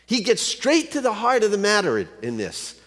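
A pastor preaching with a fairly high, lively voice that rises and falls a lot. He keeps checking in with the congregation through rhetorical questions. The sound carries a long hall reverb. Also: normal speed. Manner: tells a joke story within the teaching. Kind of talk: sermon.

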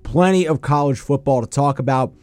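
Young male sports radio host, lively rundown, student-station feel. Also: mid-range voice, a little fast, dry recording. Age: young adult.

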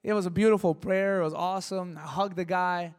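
Man, preacher, high voice, from Mexico, storytelling sermon, animated. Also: a little fast, smooth. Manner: animated, shifting from hushed to loud and emotional.

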